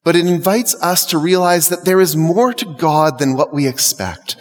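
A man's voice: fairly high pitch, normal speed. A male clergyman preaching a sermon to his congregation in a conversational, lightly humorous way. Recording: long church reverb.

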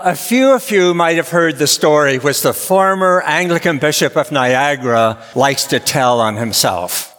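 Slow-spoken priest in a reverberant church. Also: male voice, a little high, fairly bright tone. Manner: measured, storytelling delivery. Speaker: Anglican priest. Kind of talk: Easter sermon with a told joke. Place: large church.

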